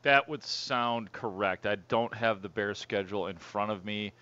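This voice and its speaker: A man's voice: on the low side, moderate pace, sharp tone. A man co-hosting a sports radio show, teasing his partner in wry banter. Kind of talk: casual sports radio talk. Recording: slightly dull radio broadcast audio.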